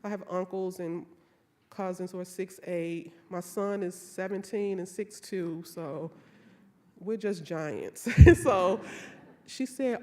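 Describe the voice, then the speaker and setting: A woman author from Chicago, reading her poetry in a slow, rhythmic way and telling stories with a playful laugh. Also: on the low side, mellow. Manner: slow rhythmic poetic delivery.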